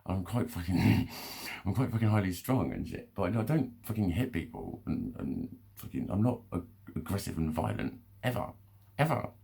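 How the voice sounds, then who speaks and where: A man's voice: low voice, sing-song, moderate pace, vocal fry, warm tone, slightly rough. A man talking to camera in a rambling, casual monologue, swearing often, stopping and restarting, with short laughs between phrases. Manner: rambling, swears a lot, self-interrupting. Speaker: vlogger.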